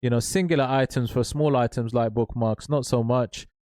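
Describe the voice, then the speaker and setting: A man's voice: mid-range voice, steady tone, normal speed, darkish tone, no room sound, clean studio sound. A man hosting an online selling tutorial, hyped and repetitive, often calling out to his viewers. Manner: hyped, repetitive, keeps saying guys and right. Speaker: online seller tutorial host. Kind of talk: energetic screen-share tutorial.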